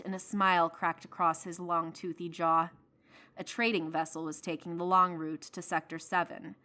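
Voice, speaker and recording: A woman narrating a science fiction story in a measured, expressive reading voice. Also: lowish voice. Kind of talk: scripted audiobook narration.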